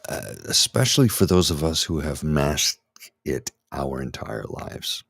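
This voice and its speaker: A middle-aged man talking candidly and haltingly through an anxiety attack, his voice trembling as he restarts his sentences. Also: extremely low pitch, lively intonation, creaky, a bit bright, slightly rough, no echo, clean studio sound. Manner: halting, restarts, anxious and shaky. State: anxious, trembling voice. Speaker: ASMR channel host. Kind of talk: candid personal talk.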